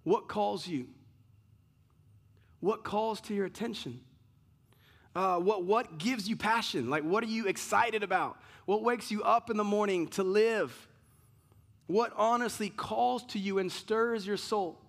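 Male pastor, sermon, slightly higher voice, emphatic but conversational. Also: measured pace, gravelly. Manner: rhetorical questions, emphatic and conversational with asides.

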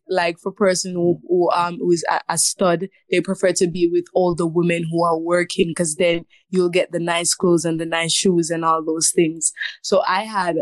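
A woman's voice: lowish voice, no room sound. A woman in her twenties telling her personal testimony as an interview guest, earnest and emotional, often laughing as she speaks.

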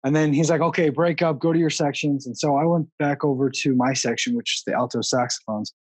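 Husky, laid-back man on a podcast. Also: on the high side, fairly even intonation, fairly quick, dry recording. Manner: laid-back, swears, laughs easily. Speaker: podcast host. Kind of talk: casual chat.

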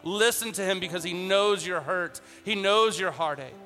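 A man's voice: high-pitched, normal speed, pushed and bright, big-room sound, faint music behind. A man preaching a conversational sermon as a pastor, retelling Bible scenes in casual modern speech and repeating phrases for emphasis.

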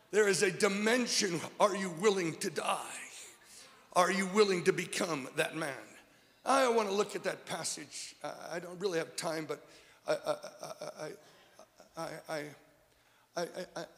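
A man preaching a sermon at a church service as a guest speaker, emphatic and stammering, swinging from shouts to hushed words. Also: high-pitched, in a large hall.

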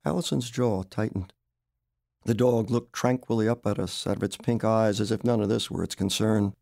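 A man narrating his own literary story aloud, expressive and wry. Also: on the low side, normal speed, creaky, dry recording, studio quality. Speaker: author reading his story.

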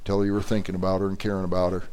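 A man doing a calm, fatherly old pastor. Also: sits low, voice pushed down, lightly acted. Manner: steady, quietly instructive, brisk.

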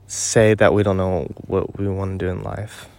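A man's voice: low voice, flat delivery, moderate pace, vocal fry, darkish tone. A teenage boy rambling and ranting into his phone while walking his dog outdoors, full of "like" and "um.". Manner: ranting, filler-heavy with frequent "like" and "um". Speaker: podcast host. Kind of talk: casual rambling monologue.

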